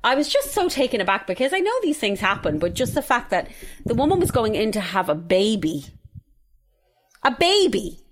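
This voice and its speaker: A woman's voice: a little high, normal speed, rough recording. An Irish woman co-hosting a podcast, chatting casually with swearing and bursts of mimicry. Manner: animated, profane, mimics voices. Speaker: podcast co-host. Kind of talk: casual chat.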